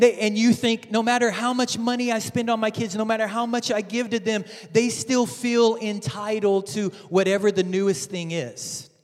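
A male pastor giving a sermon, telling stories in an animated way with frequent restarts. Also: fairly high pitch. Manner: animated storytelling with many restarts. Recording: reverberant church hall.

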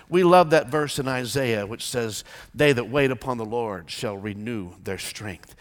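A man preaching a sermon as pastor, swinging from hushed pleading to loud declaration. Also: mid-range voice, unhurried. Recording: long church reverb.

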